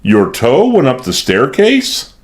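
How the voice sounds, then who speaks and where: A man voicing an irritable, sharp-tongued elderly mistress of the house in an audiobook. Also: medium pitch, wildly swooping pitch, slow pace, pitched above the performer's own voice. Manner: tart, impatient. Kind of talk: audiobook character voice.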